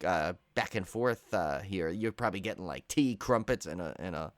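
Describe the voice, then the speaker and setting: Tired, rambling man, low voice. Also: lively intonation, moderate pace, no room sound. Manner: rambling, jokey, wanders off on tangents. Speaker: podcast co-host. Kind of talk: casual chat.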